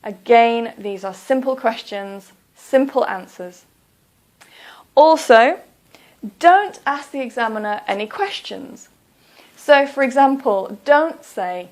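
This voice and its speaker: A woman giving a slow, scripted English test lesson, pronouncing each phrase carefully. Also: high-pitched, animated, a little mellow. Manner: slow, careful, clearly enunciated.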